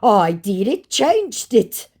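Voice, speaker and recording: A whiny, pushy young male scammer speaks in a high, exaggerated tone that swings wildly up and down, as a woman mocks him. The voice stays mellow underneath. He is clumsy and keeps begging. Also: big pitch swings, slow, exaggerated voice. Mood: defensive. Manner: high, exaggerated mocking imitation.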